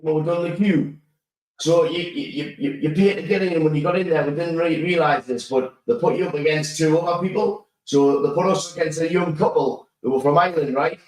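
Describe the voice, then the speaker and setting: A man co-hosting a casual football podcast, telling animated stories, laughing and swearing often. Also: a little high, fairly quick. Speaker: podcast co-host. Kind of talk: casual chat. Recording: roomy sound, mic at a distance.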